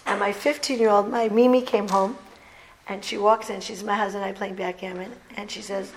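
A woman's voice: medium pitch, fairly even intonation, fairly quick, slight background noise, low-quality recording. A middle-aged woman who teaches brides, giving a talk to women and telling stories, acting out quotes with laughter. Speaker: bridal teacher and speaker.

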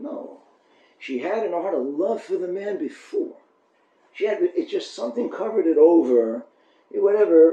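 Man lecturing on Torah, mellow tone, restarting phrases, echoey room, dull muffled sound. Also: a little high. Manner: repetitive restarts, animated storytelling. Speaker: rabbi giving a Torah class.

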